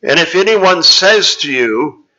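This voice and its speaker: A man teaching from scripture in a sermon, his voice a bit higher than most and bright and forceful. He talks in a measured, explaining way with frequent "uh" pauses. The recording sounds dull and lo-fi. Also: animated. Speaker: preacher.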